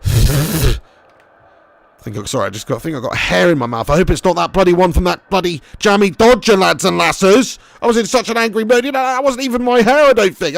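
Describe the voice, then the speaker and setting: A young man live-streaming a football game, commentating excitably, swearing freely and chatting with viewers. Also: sits high, vocal fry, no echo.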